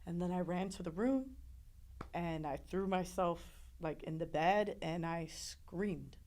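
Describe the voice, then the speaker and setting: A woman telling a painful personal story in an interview, emotional and halting, with frequent restarts. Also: fairly low pitch, a little mellow. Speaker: interview guest.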